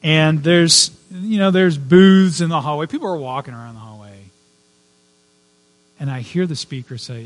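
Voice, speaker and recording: A male pastor delivers a sermon in a loose, talky way, full of personal stories and little asides. His voice sits a bit high for a man. When he reaches his main points, he swells into fervent, insistent emphasis. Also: normal speed. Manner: conversational, digressive storytelling with personal asides.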